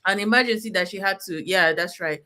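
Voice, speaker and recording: A woman co-hosting a casual movie review chat, retelling scenes in an animated way. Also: medium pitch, fairly quick. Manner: animated retelling with acted-out quotes.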